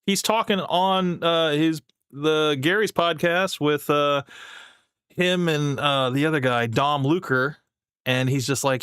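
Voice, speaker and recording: A man's voice: a little high, moderate pace, fairly bright tone, clear, resonant tone, dry recording, studio quality. A young man casually commenting on a clip he is watching, rambling and laughing often. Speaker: streamer reacting to clips.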